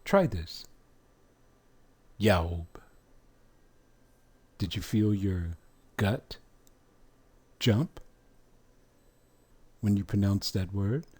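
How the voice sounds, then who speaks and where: A man teaching a religious language lesson at a very slow, deliberate pace. His low voice rises and falls a lot as he draws out letter sounds. He keeps putting questions to the listener. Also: expressive, dark tone, breathy edge.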